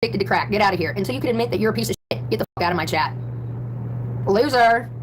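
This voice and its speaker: Host donna, del Midwest americano, parlata rapidissima e sboccata, tono aggressivo in diretta. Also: female voice, medium pitch, lively intonation, slight background noise. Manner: brash, profane, combative. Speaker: livestreaming YouTuber. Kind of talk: casual livestream rant.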